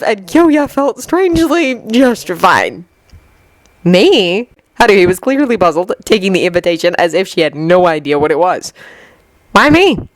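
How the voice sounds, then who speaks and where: A woman narrating a fanfiction story in an expressive, lively reading. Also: mid-range voice, dry recording. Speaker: fanfiction reader. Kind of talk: audiobook narration.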